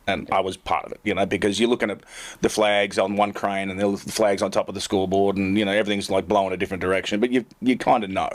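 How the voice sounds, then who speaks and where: A man's voice: lowish voice, level tone, fast talker. A middle-aged man, a tour caddy and co-host, telling rambling, self-mocking stories in casual chat full of fillers.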